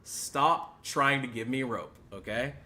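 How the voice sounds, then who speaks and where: A young adult man hosting a podcast, delivering an exaggerated, sarcastic mock apology that swings between loud outbursts and muttered asides. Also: medium pitch, slow. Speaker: podcast host.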